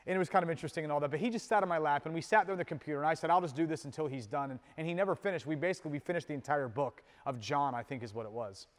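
A man preaching a sermon as pastor, moving between loud emphatic peaks and soft, low asides in a conversational manner with casual fillers. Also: very fast, few pauses. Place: church sanctuary. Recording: long hall reverb.

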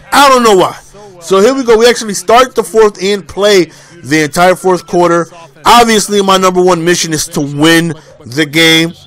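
A man with a high-pitched voice gives loose, joking commentary over his video game. He brags and teases, repeats his lines, and keeps tossing in "you know what I'm saying.". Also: fairly bright tone. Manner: playful, boastful, joking. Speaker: gameplay commentator.

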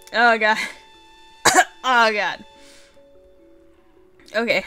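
A woman hosting a horror game let's play, reacting excitably with exclamations and swearing. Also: mid-range voice, unhurried, pauses often, clean tone, faint music behind. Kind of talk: gameplay commentary and reading game text aloud.

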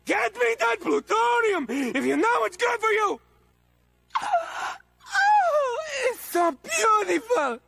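An actor voicing a manic, melodramatic male mad-scientist henchman in a video game, with a raspy, theatrical delivery that swings between wheedling and raging. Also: fairly bright tone, no echo, exaggerated voice. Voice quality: raspy, high-strung, theatrical. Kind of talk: video game character voice acting.

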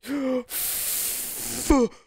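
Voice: high voice, steady tone, extremely slow, slightly rough, no echo, studio quality. A young adult host giving gameplay commentary, jokey and melodramatic, laughing often and breaking into panicked shrieks when startled. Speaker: Minecraft let's-play host.

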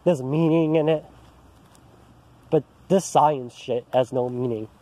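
Frustrated and agitated, a vlogger rants angrily to camera about personal matters out in an empty park, frequently restarting sentences. His voice is mellow and a little high, and he speaks slowly.

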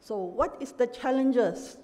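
A middle-aged woman professor giving an academic lecture, measured and emphatic, pausing often with "uh". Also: a little high, warm tone. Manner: measured, emphatic, with frequent "uh" pauses. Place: large university lecture hall. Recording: long hall reverb.

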